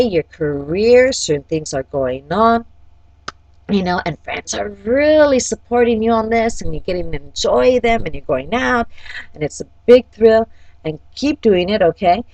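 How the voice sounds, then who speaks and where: Speaking in a mid-range voice, an astrology forecaster and life coach delivers a chatty, informal horoscope. She talks straight to each sign and checks in with "okay?" a lot; the recording is rough, though without echo.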